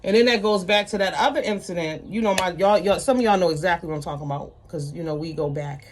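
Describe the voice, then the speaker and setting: A woman's voice: fairly low pitch, fast talker, a little hiss or hum. A woman ranting bluntly to her viewers in an unscripted vlog, with heavy profanity, emphatic repetition. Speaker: vlogger.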